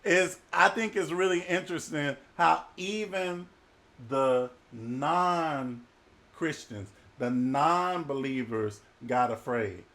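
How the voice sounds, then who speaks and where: A male preacher delivering a humorous, colloquial sermon with animated storytelling. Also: fairly high pitch, slow.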